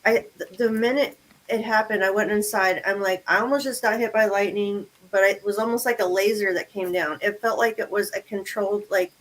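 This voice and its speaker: A woman from Southern California telling an excited story on a casual radio chat and chiming in with agreements. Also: mid-range voice, brisk, poor audio.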